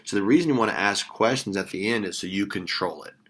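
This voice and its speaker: Male sales trainer, energetic and encouraging, quick, crisp delivery. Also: fairly low pitch. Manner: energetic, upbeat, praising. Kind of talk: sales script coaching.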